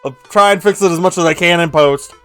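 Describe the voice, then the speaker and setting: A man's voice: high-pitched, fast talker, fairly bright tone, clear, resonant tone, soft background music. A young man narrating and reacting playfully during a let's play of a story game. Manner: playful, laughing asides. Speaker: gaming YouTuber.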